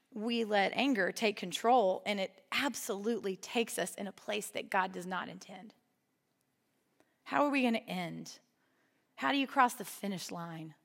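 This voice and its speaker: With a gravelly voice on the high side, a young woman preaches a funny, conversational sermon for a women's ministry, often questioning her live audience. Long reverb from the hall surrounds her voice.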